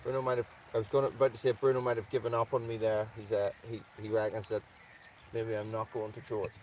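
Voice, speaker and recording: This channel host talks fast, rambling through an outdoor campfire live stream with slight background noise behind him. He keeps addressing his dog in a high-pitched, excited voice.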